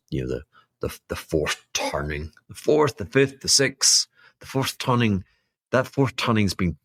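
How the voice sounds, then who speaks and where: Deep-voiced man rambling through market commentary. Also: gravelly, fairly bright tone, husky, no echo, clean studio sound. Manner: rambling, wry and self-mocking, with laughing asides. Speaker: podcast host. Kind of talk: solo market commentary monologue.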